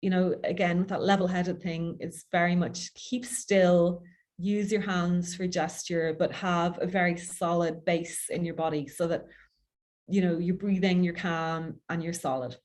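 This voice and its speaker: A woman's voice: fairly low pitch, fairly even intonation, darkish tone. Chatty Irish woman coaching public speaking. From Ireland. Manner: quick, chatty, self-deprecating. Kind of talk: workshop talk.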